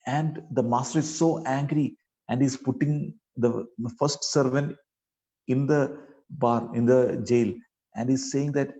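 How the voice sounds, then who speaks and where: A man's voice: medium pitch, steady tone, measured pace, dark tone, poor audio. A man preaching a sermon, speaking earnestly and pleadingly to his listeners and often adding "you know" mid-sentence.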